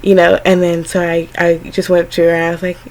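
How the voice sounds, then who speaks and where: A chatty woman vlogger tells personal stories to camera in a lowish, monotone voice, talking fast on a rough recording. She rambles frankly with lots of fillers, quoting her younger self and her family as she acts them out.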